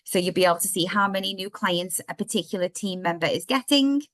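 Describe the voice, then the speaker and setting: A woman with a slightly croaky voice, chatting through a software demo step by step in a live online workshop. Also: fairly low pitch, expressive, fast, no room sound. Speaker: software trainer.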